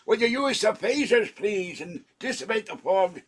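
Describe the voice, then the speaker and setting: A man's voice: high voice, expressive, normal speed, breathy edge, pitched above the performer's own voice. An older man putting on a Scottish accent, voicing a fretful male starship engineer who pleads with his captain. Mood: pleading. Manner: pleading, put-on, theatrical.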